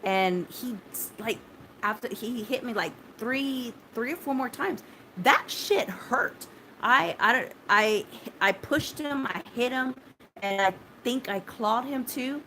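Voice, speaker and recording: A woman telling viewers about a frightening experience in a halting, repetitive way, with many restarts and blunt swearing. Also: on the high side, sharp tone, slight background noise. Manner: shaken but steadying, talking straight to viewers. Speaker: vlogger recounting a personal ordeal. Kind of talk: casual spoken personal story.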